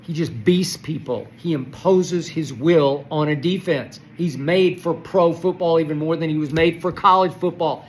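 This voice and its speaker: An older man hosting a solo sports commentary, ranting with passion and swinging from loud outbursts to soft muttering. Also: a little high, moderate pace, few pauses, a little hiss or hum, low-quality recording. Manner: impassioned, swings between shouting and soft muttering. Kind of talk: solo sports rant to camera.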